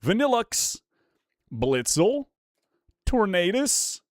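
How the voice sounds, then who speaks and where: A young man in his twenties streaming casual chat while opening trading card packs, excitable and swinging from mumbled asides to loud hyped yells. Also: medium pitch, moderate pace, no room sound, clean studio sound.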